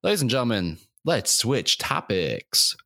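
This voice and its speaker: A man's voice: medium pitch, very animated, unhurried, no echo. A man in his twenties hosting a solo comedy podcast, rambling erratically and mocking himself, with a throat sore from screaming. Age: 20s. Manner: erratic, self-mocking, swings into shouting and silly sing-song bits. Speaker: podcast host.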